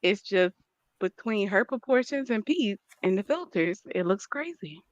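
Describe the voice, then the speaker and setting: A woman's voice: medium pitch, expressive, a little slow, dry recording. A woman co-hosting a casual commentary stream, rambling and hesitant with many fillers. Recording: dull lo-fi stream audio.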